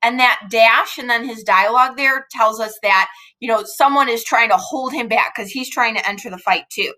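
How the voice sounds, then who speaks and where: A woman's voice: on the high side, normal speed, pushed and bright, low-quality recording. A woman teaching a play at home, reading lines aloud and then explaining them in a casual, chatty way.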